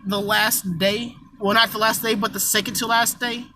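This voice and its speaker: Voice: mid-range voice, flat delivery, moderate pace, bright, forceful tone, slight background noise, rough recording. A fan storyteller telling an improvised what-if tale in a rambling, self-correcting way, with some casual swearing.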